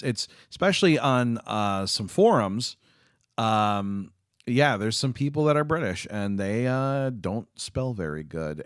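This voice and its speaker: A man's voice: on the low side, dry recording, clean studio sound. A man chatting casually with viewers on a live stream, rambling with lots of fillers and restarts. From United States.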